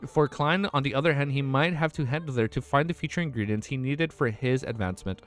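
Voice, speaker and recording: A man's voice: mid-range voice, a little fast, soft background music. Emotional young male streamer reading aloud. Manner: casual, swears, reacts emotionally between passages. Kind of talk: reading a novel aloud on a livestream.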